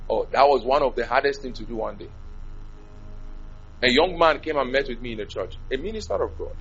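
A man preaching a sermon, animated, swinging from loud to soft. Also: medium pitch, a little fast, creaky, breathy edge, highs cut off.

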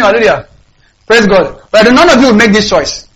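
Male preacher, very high-pitched, emphatic call-and-response delivery in church. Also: lively intonation, brisk, poor audio. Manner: emphatic, rising to shouts. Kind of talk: sermon.

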